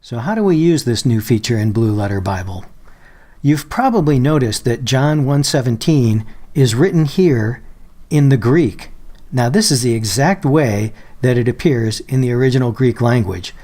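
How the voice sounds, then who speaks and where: A man calmly walking viewers through a software feature in a screen-recorded tutorial, slowing down on quoted phrases and examples. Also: mid-range voice. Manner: patient, explanatory, slows down on quoted phrases. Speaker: Bible software tutorial presenter. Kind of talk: screen-share software walkthrough.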